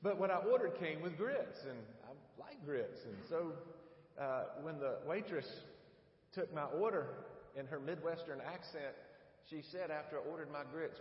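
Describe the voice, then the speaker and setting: A man's voice: a little high, animated, normal speed, slight background noise. A man preaching a sermon as pastor, folksy and conversational, with humorous asides. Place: church sanctuary. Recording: echoey church sanctuary, dull lo-fi sound.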